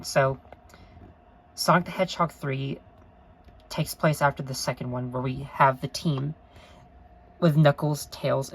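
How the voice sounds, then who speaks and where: A woman's voice: a bass voice, low-quality recording. A woman talking to camera in an unscripted review vlog, earnest and rambling, gushing with emotion and often apologizing. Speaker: vlogger.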